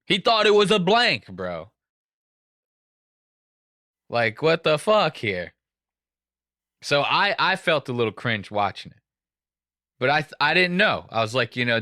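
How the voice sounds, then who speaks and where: A man's voice: mid-range voice, bright, forceful tone, dry recording, studio quality. A young man hosting a casual podcast, rambling and swearing as he jokes through the story. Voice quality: profane, rambling, jokey. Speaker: podcast host.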